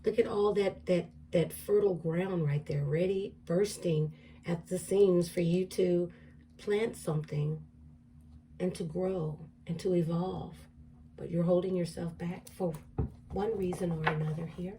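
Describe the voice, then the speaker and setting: A woman gives a relaxed tarot reading, thinking aloud and repeating each card's affirmation. Her voice is mellow and a little low. It is picked up from a distance with a faint room hum behind her. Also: unhurried. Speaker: tarot reader. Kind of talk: casual tarot reading to camera.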